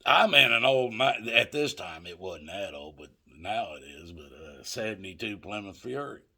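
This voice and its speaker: With a husky, sharp-toned voice on the low side, an older man animatedly rambles through a profane story at normal speed. He speaks directly to viewers, calling them folks, in a casual anecdote.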